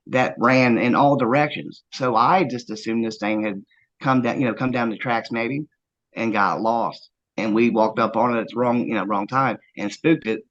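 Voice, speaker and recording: A man earnestly recounting a first-hand encounter, halting often with fillers as he tells it. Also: medium pitch, a bit bright, dull audio. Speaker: eyewitness interviewee.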